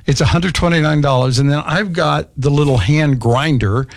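A man hosting a casual chat, playful and eager, pitching products. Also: moderate pace, gravelly, dry recording. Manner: playful, eager salesman banter. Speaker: radio host.

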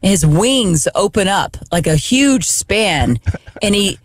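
A woman tells a family anecdote in an easygoing, chatty way. Her pitch swings widely as she gets into the tale, and she often stops and restarts her sentences. The sound is dry and close, with little room echo. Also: slow. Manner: animated, lively retelling with frequent restarts. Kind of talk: casual conversational storytelling.

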